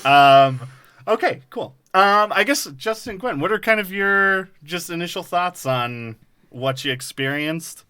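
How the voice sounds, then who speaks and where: A man hosting a podcast in casual chat, jokey and quick to laugh. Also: sits high, animated, bright, forceful tone, clear, resonant tone, no echo. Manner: jokey, laughs often, reads recap lines in a put-on Midwestern voice. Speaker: podcast host.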